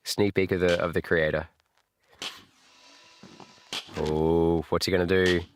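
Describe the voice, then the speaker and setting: An Australian man chatting on a live reaction stream, jokey and animated and laughing often. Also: low-pitched, moderate pace, slight background noise.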